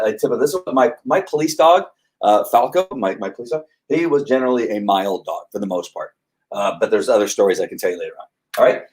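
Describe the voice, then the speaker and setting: A middle-aged man explains dog behavior in a relaxed teaching style, at a medium pitch for a man. He keeps breaking into quick acted-out voices for dogs and people, and his delivery is loose and animated. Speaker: dog trainer. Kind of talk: casual whiteboard teaching.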